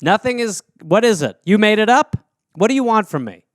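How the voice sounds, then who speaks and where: A man with a high, smooth voice rambles and riffs, swearing freely and sounding amazed at everything. The recording is close and dry. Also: sing-song, fairly quick, dry recording. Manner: profane, riffing, incredulous. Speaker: podcast host. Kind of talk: comedic rambling monologue.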